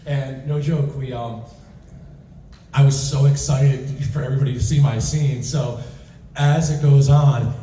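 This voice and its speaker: A man telling rambling, excitable stories as a guest at a convention panel Q&A. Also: mid-range voice, a little slow. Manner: rambling, excitable, many restarts. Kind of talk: convention Q&A storytelling. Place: large convention hall. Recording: roomy hall, distant mic, faint noise.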